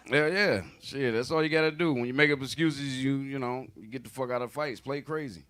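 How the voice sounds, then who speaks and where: A man's voice: mid-range voice, brisk, hardly any pauses, fairly bright tone, smooth. A man doing a stand-up comedy set, telling stories in a loose, profane, conversational way.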